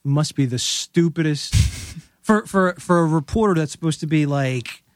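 A man talking as a guest film critic in a casual podcast chat, animated and quick to laugh. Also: fairly high pitch, no room sound, studio quality.

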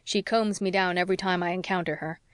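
A woman reading the part of a patient young male doctor, calm, measured and wry. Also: lowish voice, clean tone, no echo, close to an everyday voice.

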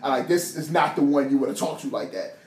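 A young man from Ohio co-hosting a podcast, telling stories in a loud, profane, animated way and laughing often. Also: fairly high pitch, fast, slight background noise. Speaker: podcast co-host. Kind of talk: casual chat. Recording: echoey room with music behind.

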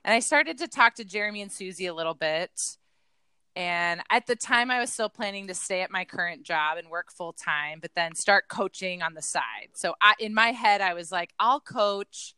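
A woman co-hosting a casual fitness podcast, her voice bright and forceful with a smooth, crisp tone. She tells her story earnestly, slipping into quoted lines of her past self. The sound is dry and close, with no room around it. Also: on the low side, animated, moderate pace, no echo. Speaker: podcast co-host, fitness coach.

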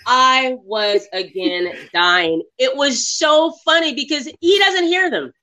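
A woman talks casually about a film she just watched. Her voice is bright and sharp. She retells scenes with animation and slips into quoting the characters. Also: sits high, lively intonation, takes it slowly. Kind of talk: casual movie review chat.

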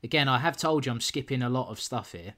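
A man co-hosting a podcast, walking through a film's plot in relaxed, jokey chat. His pitch swings widely and expressively. He pokes fun at the characters as he talks. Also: quick pace. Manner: animated, jokey, mocks characters. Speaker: podcast co-host. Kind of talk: casual film recap chat.

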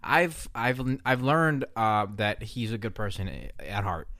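Animated, swearing man in his twenties. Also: lowish voice, unhurried, dry recording, clean studio sound. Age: 20s. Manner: animated, profane, jokey. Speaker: podcast co-host. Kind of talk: casual chat.

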